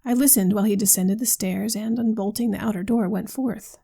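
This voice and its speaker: A woman reads a classic novel aloud for a podcast, steady and formal. Her voice is husky and gravelly, with a dark, mellow tone. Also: mid-range voice. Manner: measured, formal delivery. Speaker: podcast reader. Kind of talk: audiobook reading of a classic novel.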